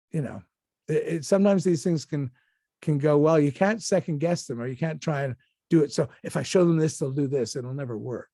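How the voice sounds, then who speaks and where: An older man tells stories as an interview guest, restarting his sentences and acting out what other people said. His voice sits a little high for a man. The recording is dry and close, with no room sound. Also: dry recording. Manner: animated anecdotes with many restarts and acted-out quotes. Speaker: actor guest. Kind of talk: casual interview storytelling.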